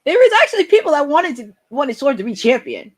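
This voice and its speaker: A woman's voice: sits high, big pitch swings, fast. A woman co-hosting a wrestling watch-along, giving casual live commentary in a chatty, wry, sarcastic way.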